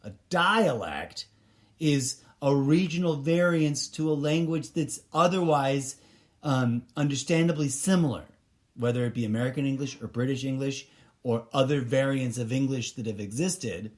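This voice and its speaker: A man's voice: medium pitch, normal speed. A man hosting a solo podcast, talking casually in a rambling, opinionated way with many fillers and restarts. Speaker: podcast host.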